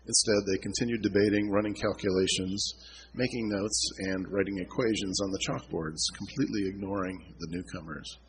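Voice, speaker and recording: A man's voice: deep voice, fairly even intonation, normal speed, slight background noise, rough recording. A man reading aloud from his own novel at a convention, with small slips and restarts. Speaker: author reading his book.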